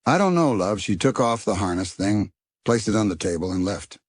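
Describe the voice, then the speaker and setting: A man's voice: fairly low pitch, very animated, normal speed, slightly rough, no room sound, clean studio sound, voice pushed up. A man voicing Missus Brown, a homely, motherly older farm woman who calls people love, in a storybook reading.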